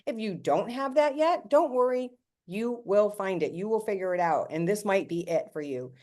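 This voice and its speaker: A woman in her fifties, a network marketing team leader, telling her story in a chatty, animated way on a team call, acting out quotes and talking straight to her listeners. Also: mid-range voice, normal speed.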